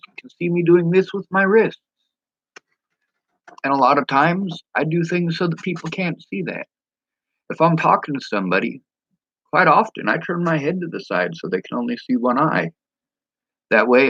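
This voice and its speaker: A man's voice: on the high side, animated, moderate pace, a bit bright, dry recording, lo-fi sound. A man talking frankly and bluntly to camera in a casual vlog, swearing freely. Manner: mimics speech impediments. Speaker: vlogger.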